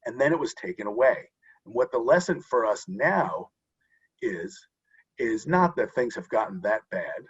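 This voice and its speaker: A man's voice: mid-range voice, sing-song, normal speed, breathy edge, highs cut off. A man speaking as a guest expert in an interview, explaining earnestly with frequent restarts over a video call. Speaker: guest expert on voting rights. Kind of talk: interview answer.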